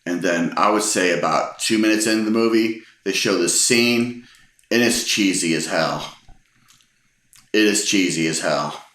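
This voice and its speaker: A man in his forties casually telling a funny personal story, relaxed and amused, often restarting his sentences. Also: low-pitched, unhurried. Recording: roomy echo.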